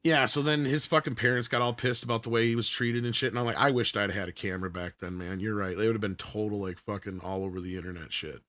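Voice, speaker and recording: A middle-aged man telling a story in casual chat, animated and profane, acting out the voices of the people in it. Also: lowish voice, fast, few pauses, no room sound.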